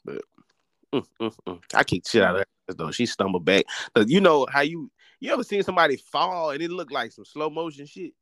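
Man, podcast co-host, casual storytelling, lively swooping pitch, slangy, dry close mic. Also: fairly quick, no room sound. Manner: animated, slangy storyteller who acts out quotes.

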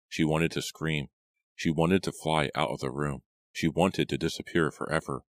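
A man narrates an audiobook in a measured, even way, his voice extremely deep and low. The recording is close and dry, with no room sound. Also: dry recording. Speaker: audiobook reader.

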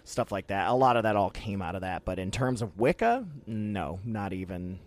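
A man co-hosting a casual podcast, telling stories in a rambling, animated way with frequent laughs. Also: fairly low pitch, moderate pace, slight background noise. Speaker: podcast co-host. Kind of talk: casual chat.

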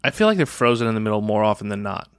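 A man's voice: lowish voice, sing-song, rapid-fire, smooth, dry recording, clean studio sound. A man co-hosting a podcast, teasing his partner and running a trivia game. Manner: teasing, laughs often, quizzes his co-host. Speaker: podcast co-host. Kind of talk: casual chat.

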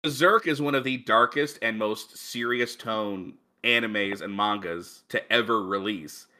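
Sex: man. Role: podcast co-host. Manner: enthusiastic. Pitch: lowish. Tone: bright. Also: unhurried. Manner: enthusiastic, talks in long explanations. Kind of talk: casual chat.

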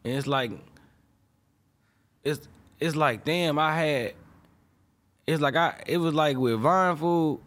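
A man's voice: a little high, slow, pauses often, a bit bright. A young adult man, a music producer, talking casually and emotionally in an interview, full of slang fillers and restarts. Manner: rambling, emotional, peppers speech with slang fillers.

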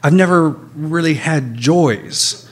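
A man telling a personal story on stage before an audience, in a candid, animated way with a lot of swearing. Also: on the high side, slow pace, breathy edge.

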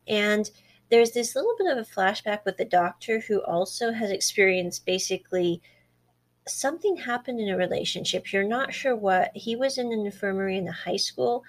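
A woman's voice: medium pitch, moderate pace. A woman talking casually as she recaps a drama episode and retells its scenes with quoted dialogue. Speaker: drama reviewer.

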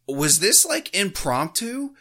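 A man's voice: high-pitched, very animated, takes it slowly, pushed and bright. A man co-hosting a sports podcast, ranting heatedly with constant swearing. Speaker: podcast co-host. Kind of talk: casual podcast rant.

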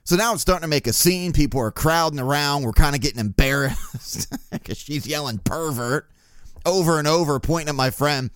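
A man's voice: fairly high pitch, fairly quick, fairly bright tone, smooth, dry recording, studio quality. A male podcast host telling a profane, laugh-filled anecdote in a casual storytelling style.

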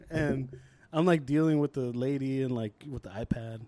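A man's voice: medium pitch, moderate pace, mellow, no room sound. A young man co-hosting a casual podcast chat, telling stories through bursts of laughter and swearing freely. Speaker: podcast co-host.

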